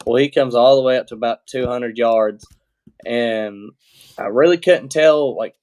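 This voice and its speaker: A man guesting on a podcast, telling a story at a relaxed, unhurried clip. His delivery is plainspoken and rambling, full of fillers and restarts. He swears now and then, sitting at a middle pitch. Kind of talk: casual storytelling.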